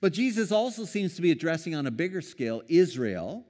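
A man preaching a sermon in a casual, conversational way, lively when quoting and quick to chuckle. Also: on the high side, long reverb tail. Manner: conversational, animated when quoting, with small laughs and restarts. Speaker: pastor.

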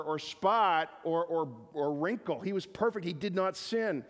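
A man's voice: sits high, measured pace, few pauses. Impassioned man preaching in a big hall. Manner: repeats words, builds to emphatic peaks. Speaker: pastor. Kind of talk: sermon. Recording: long reverb of a large hall.

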